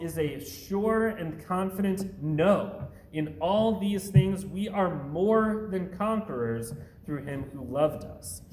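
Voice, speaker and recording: A man preaching a sermon, reading scripture aloud and explaining it in a measured, deliberate way. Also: a little high, a little mellow. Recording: echoey room, faint background hum.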